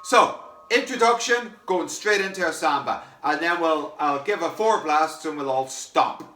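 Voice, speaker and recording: A man's voice: fairly high pitch, expressive, a little slow, bright, forceful tone, soft background music. A man teaching a samba percussion lesson online, chanting the rhythm phrases and talking with fillers and restarts. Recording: echoey room, mic some distance away.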